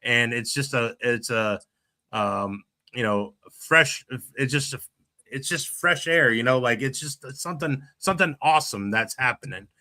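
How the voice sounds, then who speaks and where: A man's voice: medium pitch, a little slow, pushed and bright. A middle-aged man, hosting a casual podcast chat and rambling with many restarts and fillers. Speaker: podcast host.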